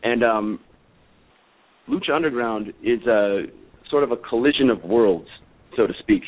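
A man's voice: medium pitch, a little slow. A man in his thirties rambles through a casual radio interview, full of fillers, restarts and loose asides. His mid-range voice comes over a narrow, phone-like line. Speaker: guest wrestler. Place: after party.

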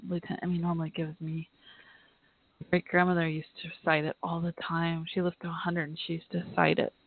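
A woman hosting a live podcast, talking in an earnest, heartfelt, halting way and reading aloud. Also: low-pitched, creaky. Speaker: podcast host. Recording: tinny phone-line audio, dry.

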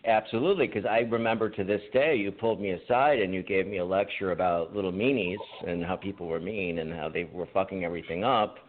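A man's voice: low voice, fast talker, few pauses. A man co-hosting a podcast, telling rambling stories in casual chat with frequent laughter. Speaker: podcast co-host. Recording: tinny phone-like line.

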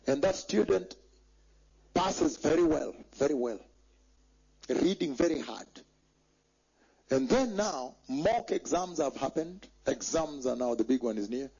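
A man's voice: a little high, gravelly, dark tone, breathy edge. A man preaching a sermon in an emphatic way, repeating phrases and checking that the congregation follows. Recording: dull lo-fi recording.

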